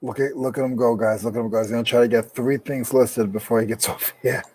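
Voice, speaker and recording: A man's voice: medium pitch, fairly even intonation, quick pace, a little mellow. A man co-hosting a casual livestream, joking and teasing as he talks over a computer mic. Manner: joking, teasing, laughs often. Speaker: co-host of a reseller livestream. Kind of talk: casual livestream chat while working.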